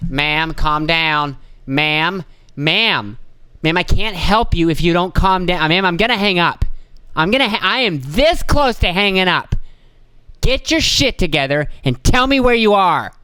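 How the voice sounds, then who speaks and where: A rude, impatient emergency dispatcher who scolds the caller in a clipped, condescending tone, as a man puts her on. The voice is smooth and sits a little high, recorded close with no room echo. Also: lively intonation, measured pace, pushed and bright, heavily acted. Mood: scolding.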